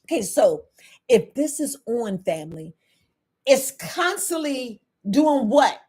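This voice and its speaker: A middle-aged woman herbalist, talking casually to her viewers, animated and laughing often. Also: a little high, slow, breathy edge. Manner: animated, laughing, acts out quoted people in a raised voice. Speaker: herbalist host.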